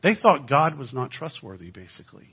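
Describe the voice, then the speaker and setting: A man's voice: mid-range voice, big pitch swings, brisk, husky, lo-fi sound. A man giving a sermon as a guest speaker, preaching in a conversational way with dry humor and frequent asides to the congregation.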